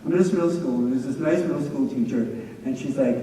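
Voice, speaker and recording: A man giving a lecture with anecdotes at a staff training, an energetic, animated storyteller who acts out quotes. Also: medium pitch, fast, a little hiss or hum. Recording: echoey hall, distant mic.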